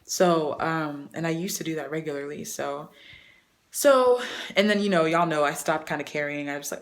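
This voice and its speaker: A young woman talking casually to camera about her hair care, chatty and animated, with many fillers. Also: sits low, moderate pace. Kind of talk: casual vlog talk to camera.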